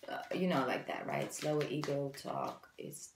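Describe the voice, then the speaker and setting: A woman's voice: low voice, animated, normal speed, few pauses, echoey room, noisy background. A woman giving a casual, encouraging tarot reading and talking straight to her viewers with many "you know"s. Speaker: tarot reader.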